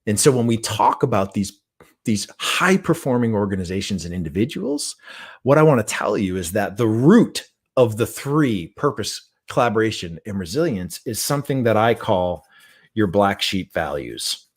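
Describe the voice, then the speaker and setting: A middle-aged man giving a motivational talk, telling a story in an animated, conversational way and often checking in with the listener. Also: lowish voice, normal speed, breathy edge. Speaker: guest trainer and speaker.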